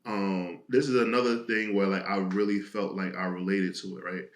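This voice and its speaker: Animated young man in an echoey room. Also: low voice, moderate pace. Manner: animated storytelling, acts out friends' voices. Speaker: podcast co-host. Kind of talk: casual chat.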